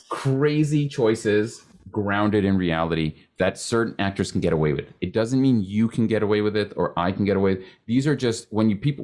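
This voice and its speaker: A man's voice: fairly low pitch, a little mellow. A man hosting an acting podcast in a casual interview chat, rambling and restarting his sentences, speeding up as he tells stories. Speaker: podcast host.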